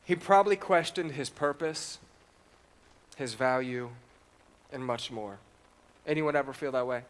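A man's voice: medium pitch, measured pace. A man preaching a sermon, reading scripture aloud and putting questions to the congregation.

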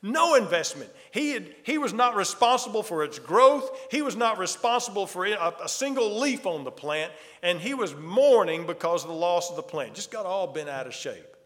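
Bright-voiced preacher in a reverberant hall. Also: male voice, high voice, lively intonation, moderate pace, hardly any pauses. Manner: preaching with rising emphasis and rhetorical questions. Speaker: pastor. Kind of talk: sermon.

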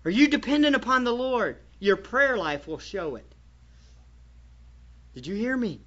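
A man's voice: very high voice, very animated, unhurried, fairly bright tone. A man preaching a sermon as pastor, emphatic and full of rhetorical questions to his congregation. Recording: dull lo-fi church recording.

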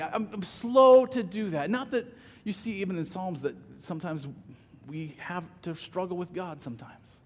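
A man's voice: high voice, normal speed, big-room sound. A man preaching a sermon as pastor, conversational, often repeating words as he starts a phrase.

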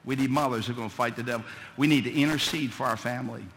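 A male pastor preaching a fervent sermon, building from quiet storytelling to loud shouted appeals. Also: mid-range voice, steady tone, very fast, big-room sound.

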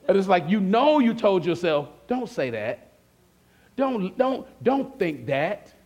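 A male pastor preaching a sermon in a conversational way, often asking the congregation questions and acting out their replies. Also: a little high. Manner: acts out listeners' replies in a softer voice.

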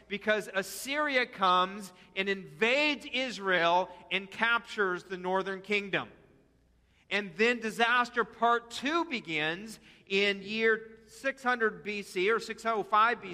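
Pastor guy preaching a sermon, kinda high voice, super bright, chatty with lots of ums. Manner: conversational preaching with fillers, leads congregation in repeating. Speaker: senior pastor. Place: church sanctuary. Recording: long hall reverb.

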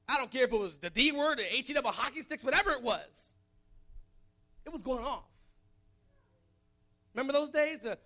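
A man preaching a sermon, mixing joking asides with loud exhortation. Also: very high-pitched.

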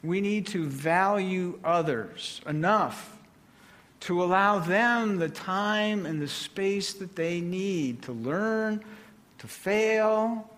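A man preaching a sermon, with a slow, deliberate delivery and measured pauses. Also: sits high, a bit bright.

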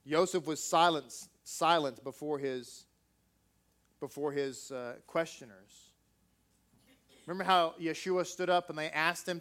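Male preacher, high voice, emphatic, peppers the sermon with rhetorical questions. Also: a little slow, pauses often, fairly bright tone.

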